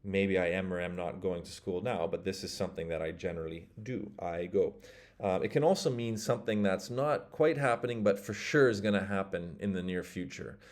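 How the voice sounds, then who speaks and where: Man, language teacher, lowish voice, patient, step-by-step explanation, fillers. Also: brisk. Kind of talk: explaining grammar to a lesson video.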